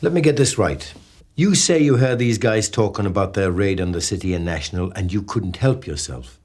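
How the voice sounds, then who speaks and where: An actor playing a blunt, skeptical police detective interrogating a suspect. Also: male voice, on the low side, moderate pace, a little mellow, breathy edge. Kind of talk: TV police drama acting.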